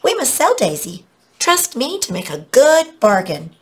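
A woman's voice: on the high side, unhurried, voice pushed up, exaggerated voice. A woman voicing an eager, hopeful young boy in a read-aloud fairy tale. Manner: eager, excited.

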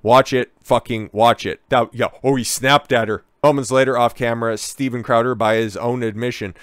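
A man's voice: mid-range voice, steady tone, normal speed, clean tone, no room sound. Sarcastic, profane male commentator, dry sound. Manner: sarcastic and profane, interrupting his own reading. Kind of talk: reaction commentary reading an article aloud.

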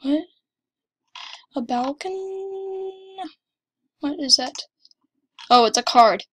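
A woman giving excited commentary over her gameplay, gushing and exclaiming breathlessly. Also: high-pitched, a little slow. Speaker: gamer.

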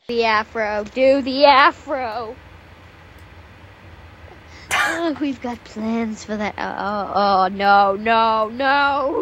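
A woman's voice: a little high, extremely slow, a bit bright, lo-fi sound, a little hiss or hum. A young woman guest in a casual chat, playful and dramatic. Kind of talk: casual chat over a game.

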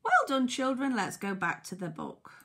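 Husky, bright and forceful, this woman's slightly high voice swings hugely in pitch. She's a British primary school teacher reading a picture book aloud to little ones, slowly and sing-song, sounding out letters and quizzing the children.

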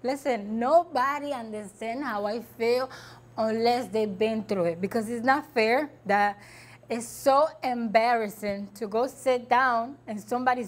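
Woman, high-pitched, talk show guest, after-show interview, upset, emphatic, repetitive. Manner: upset, emphatic, repeating herself. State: distressed.

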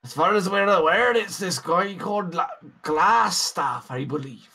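A man's voice: high voice, expressive, a little slow, vocal fry, pushed and bright, slightly rough, pitched above the performer's own voice, full character voice. A man voicing a wary, blunt male dwarf miner with an attempted Scottish accent, saying aye and lad. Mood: gruff. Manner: folksy dialect with aye and lad.

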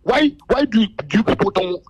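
A man's voice: high-pitched, expressive, a little fast, husky, dull audio. A man with a Ghanaian accent arguing heatedly in a radio studio, interrupting and repeating himself. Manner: insistent, interrupting, repeats words. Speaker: musician guest. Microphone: studio mic.

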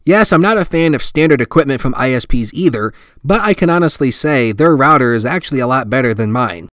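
A man hosting his tech channel, giving a relaxed, self-deprecating tour of his computer setup with plenty of fillers. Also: mid-range voice, a little fast, dry recording. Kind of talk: casual tour vlog with voice-over.

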